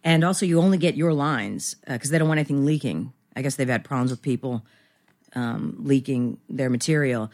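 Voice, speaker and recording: A woman's voice: rumbling low, fairly quick, darkish tone. A woman in her fifties, a guest actress in a casual podcast interview, rambling and self-deprecating with many restarts.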